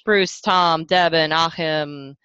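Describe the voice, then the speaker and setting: A woman co-hosting a podcast in casual chat, friendly and quick to laugh. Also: sits low, fairly even intonation, a bit bright, clear, resonant tone, no echo, lo-fi sound. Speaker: podcast co-host.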